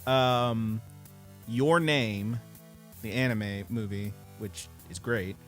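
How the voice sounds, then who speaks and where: Man, podcast co-host, casual chat, energetic storyteller, curses a lot. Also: fairly low pitch, very slow, faint music behind. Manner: swearing, animated storyteller.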